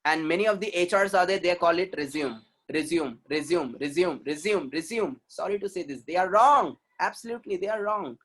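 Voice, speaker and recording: A man's voice: high-pitched, quick pace, hardly any pauses, a bit bright. A man with an Indian accent gives a webinar talk as a communication trainer. He is emphatic, repeats his points and keeps asking the audience questions. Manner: emphatic and repetitive, asks the audience rhetorical questions.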